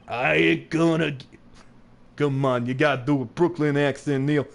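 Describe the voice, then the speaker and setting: A man's voice: on the high side, fairly even intonation, normal speed, creaky, background noise. A man commentating a game playthrough, joking and swearing. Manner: joking, swearing, laughs often. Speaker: let's-play host.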